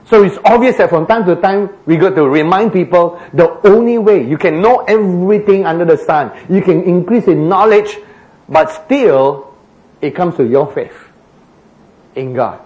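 A man preaching a sermon in a church, speaking deliberately and asking rhetorical questions. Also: high-pitched, animated, darkish tone, muffled recording. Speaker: pastor.

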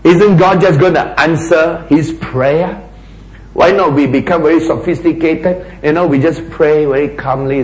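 A man preaching a sermon, asking rhetorical questions and dropping to a hushed voice for emphasis. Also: a little high, animated, unhurried, echoey room, slight background noise, low-quality recording.

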